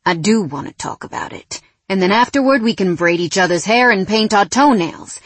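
A woman's voice: medium pitch, expressive, moderate pace, breathy edge, no echo. A woman voicing a sullen young male football star who answers curtly and sarcastically. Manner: curt, sarcastic.

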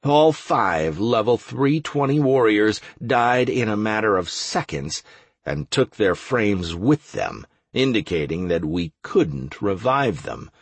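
Male audiobook narrator, husky, slow, measured and wry; dry close read. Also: fairly low pitch, sing-song, no room sound. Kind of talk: first-person fiction narration.

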